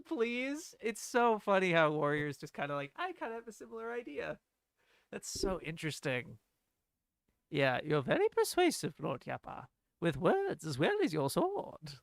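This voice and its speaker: Young male streamer, lively swooping delivery, slightly high, dry close sound, animated commentary. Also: normal speed, creaky, no room sound. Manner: animated, laughing, quotes lines aloud. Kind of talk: casual film-commentary stream.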